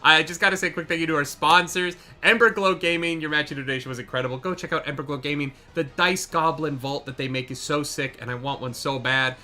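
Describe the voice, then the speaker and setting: A man narrating as game master in a live tabletop charity game, excitable and swearing freely. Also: on the high side, quick pace, few pauses.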